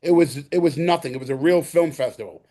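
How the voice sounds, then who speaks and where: Brief: middle-aged Bronx-born man with a New York accent, guest on a podcast interview, animated storyteller who acts out every quote, voice pitched a little high. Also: fast. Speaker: guest actor.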